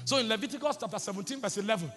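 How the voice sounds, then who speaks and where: A man preaching a fervent sermon, often shouting and repeating phrases for emphasis. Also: high voice, expressive, rapid-fire. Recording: long hall reverb with faint music behind.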